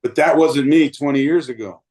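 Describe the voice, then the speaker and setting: A man's voice: on the high side, normal speed, a little mellow, low-quality recording. A man in his late fifties, a baseball umpire guest, telling earnest, rambling stories with many fillers and restarts. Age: 50s. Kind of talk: reflective storytelling interview.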